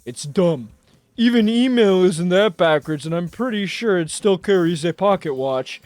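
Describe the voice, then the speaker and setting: A man doing a laid-back young dude on a voicemail, slangy and teasing. He sounds loud and a bit off-mic, with a lively, bouncing pitch, a game character read casually. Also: normal speed, dry recording.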